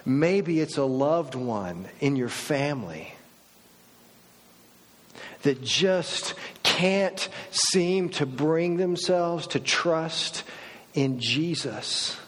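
Dramatic preacher in a reverberant hall. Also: male voice, lively intonation, drawn-out words. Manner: dramatic, swinging from loud mock outburst to soft, low reflection. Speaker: pastor. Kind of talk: sermon. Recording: long reverb of a large hall.

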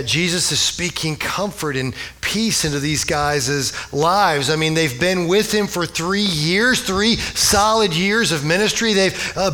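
A man's voice: high-pitched, sharp tone. A man preaching a conversational sermon, retelling scripture with humorous asides and rhetorical questions. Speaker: pastor.

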